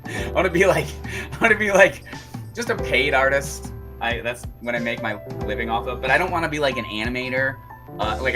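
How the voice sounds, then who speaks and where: A livestream host and artist chatting casually to viewers while coloring, rambling with fillers. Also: mid-range voice.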